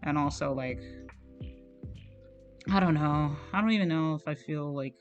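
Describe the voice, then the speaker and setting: A man's voice: fairly high pitch, a little slow, dull audio, faint music behind. A man streaming while he draws, talking in a rambling, casual way, full of "like" and swearing. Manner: rambling, heavy use of "like", frequent swearing. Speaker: art streamer.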